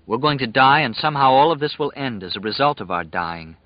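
A man voicing a calm, wry condemned prisoner at peace in an audiobook reading. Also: medium pitch, fairly quick, no room sound, lo-fi sound, pitched above the performer's own voice, natural voice. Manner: calm, wry, quietly mocking.

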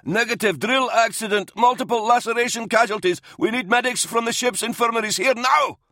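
Male narrator doing a high, strained army captain yelling orders; audiobook, dry close mic. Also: a little fast, no room sound, full character voice. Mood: urgent shouting. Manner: urgent, strained shouting. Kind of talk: audiobook character voice.

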